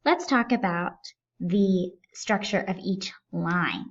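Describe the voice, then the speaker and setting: Slow, patient woman teaching a lesson. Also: lowish voice, highs cut off. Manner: patient, step-by-step explaining. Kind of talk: recorded lesson explaining sonnet structure.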